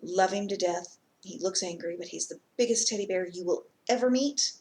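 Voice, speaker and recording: A woman's voice: lowish voice, normal speed, darkish tone. A woman vlogger telling a casual story time, chatty and rambling, with many ums and asides.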